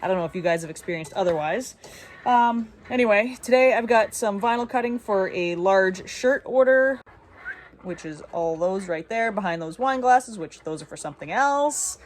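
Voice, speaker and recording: A woman's voice: mid-range voice, lively intonation, moderate pace, slight background noise. Chatty young woman vlogging from her shop. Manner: chatty, upbeat, laughs at herself. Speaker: woodworker and small business owner. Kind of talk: casual vlog talk to camera. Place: small woodworking shop.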